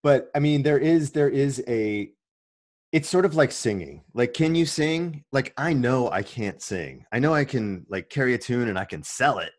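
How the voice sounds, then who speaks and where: A man, a voice-over artist, chatting casually as a podcast guest and trailing off quietly at times. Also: medium pitch, animated, normal speed.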